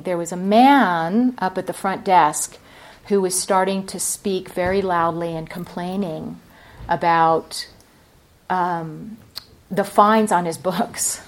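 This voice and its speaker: A woman's voice: on the low side, steady tone, slow pace. A woman meditation teacher giving a dharma talk at a retreat center, reflective and telling a story. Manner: reflective, storytelling, many fillers.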